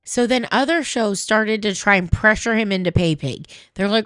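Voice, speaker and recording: A woman's voice: mid-range voice, moderate pace, a bit bright, clean tone, no room sound, clean studio sound. A woman hosting, commenting casually and chattily, with frequent asides and swearing. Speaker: host.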